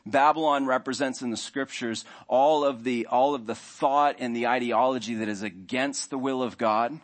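A man's voice: mid-range voice, moderate pace. A man preaching a sermon in a conversational way, now and then acting out the inner voices of his listeners. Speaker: pastor.

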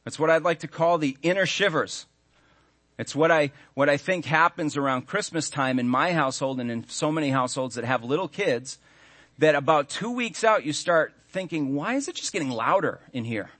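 A man in his thirties, a pastor preaching a sermon earnestly, stressing key words and slowing down when he reads scripture. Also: fairly high pitch, fairly bright tone.

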